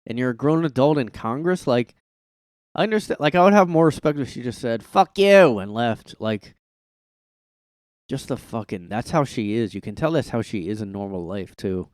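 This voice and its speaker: A man's voice: medium pitch, lively intonation, normal speed, darkish tone, no echo. A man hosting a casual solo podcast from his room, rambling and swearing, packing his speech with "like", on a close mic. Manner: rambling, heavy "like" filler, profane. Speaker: podcast host.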